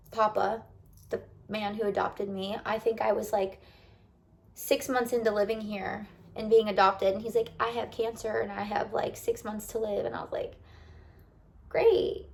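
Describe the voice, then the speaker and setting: A young woman with a slightly high voice talks straight to the viewer like a close friend. She rambles and confides, restarting sentences and filling them with likes, in a loose, heartfelt vlog chat. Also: creaky. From United States. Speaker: lifestyle vlogger. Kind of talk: casual heartfelt talk to camera.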